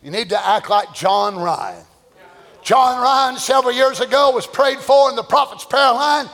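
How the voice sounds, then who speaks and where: A man preaching a fervent, shouted revival sermon, chanting repeated praises. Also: very high-pitched, measured pace. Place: church. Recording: long church reverb with congregation.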